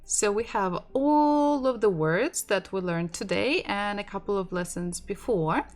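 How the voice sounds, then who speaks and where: A young woman with a Russian accent teaching a beginner language lesson, slowly repeating each word for learners to echo. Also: mid-range voice, animated, soft background music.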